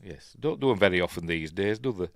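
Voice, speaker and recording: Chatty Yorkshire man, lively voice. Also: low voice, quick pace, no echo, studio quality. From Yorkshire, England. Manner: rambling, chatty, self-interrupting with fillers. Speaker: film review host. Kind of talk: casual live watch-along commentary.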